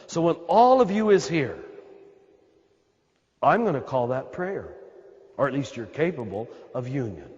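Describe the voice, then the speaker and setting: In a big hall before a live audience, an American Catholic priest gives a spiritual talk in a husky, throaty, mid-range voice that is a little mellow. His sing-song delivery is a bit slow with frequent pauses, emphatic and repetitive, aimed straight at his listeners; the recording has big-room sound and lost highs.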